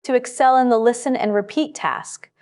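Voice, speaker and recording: A woman narrating a scripted test-prep lesson in a clear, measured, instructive way. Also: on the high side, darkish tone.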